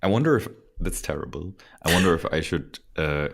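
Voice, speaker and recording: A man co-hosting a casual podcast chat, playful and teasing, quick to laugh and a bit tipsy. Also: very deep voice, expressive, vocal fry, breathy edge. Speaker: podcast co-host.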